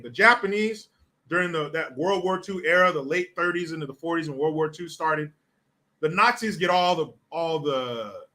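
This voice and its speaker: Blunt, bright-voiced male host. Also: fairly high pitch. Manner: blunt, profane, rambling. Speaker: commentary show host. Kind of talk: casual commentary reading viewer comments.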